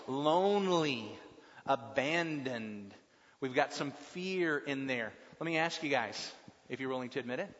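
A man leading a group Bible class, asking questions and talking with lively swings in his voice. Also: medium pitch. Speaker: Bible study leader. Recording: long reverb, dull lo-fi sound.

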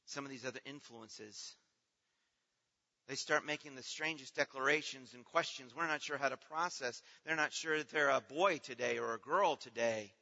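Bright-voiced man preaching in a reverberant hall. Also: mid-range voice, moderate pace. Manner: earnest, swings from hushed to loud and pleading. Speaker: pastor. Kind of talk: sermon. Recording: dull sound with long hall reverb.

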